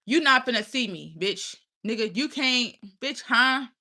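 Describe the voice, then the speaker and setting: A woman's voice: fairly high pitch, lively intonation, a little slow, bright, forceful tone. A young adult woman hosting her own channel, ranting in a blunt, profane, preachy way and firing questions at her viewers. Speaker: channel host. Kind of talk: casual livestream rant.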